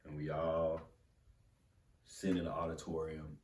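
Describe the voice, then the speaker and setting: A young man from Florida telling a motivational story in an animated, casual, conversational way. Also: a bass voice, unhurried. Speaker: motivational speaker. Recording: roomy sound from a distant mic.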